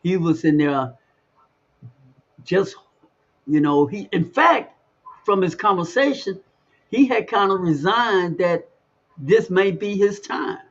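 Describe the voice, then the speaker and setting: Male host, slow and halting, slightly high voice, dull lo-fi sound. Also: lively intonation. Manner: halting, searching for words. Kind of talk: interview question.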